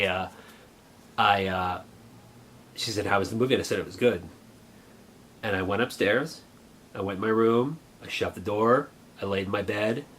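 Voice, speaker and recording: A middle-aged man reminisces in a somewhat low voice, earnest and reflective. He speaks haltingly, circling back and restarting his thoughts, over faint background noise. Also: a bit bright. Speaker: vlogger. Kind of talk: personal reminiscence.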